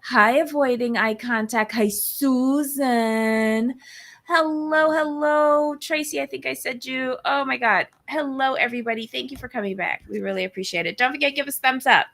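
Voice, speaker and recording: A woman's voice: high-pitched, normal speed, fairly bright tone. A woman co-hosting a live-streamed recap show, greeting her chat and making blunt, sassy remarks. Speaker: co-host.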